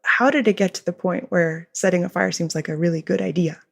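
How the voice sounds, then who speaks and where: A woman with a gravelly, husky edge to her voice talks through ideas as a podcast guest. She explains patiently and breaks into small giggles now and then. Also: on the low side, brisk. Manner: explanatory, giggles often while talking. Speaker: behavior consultant and author, guest. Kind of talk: podcast interview.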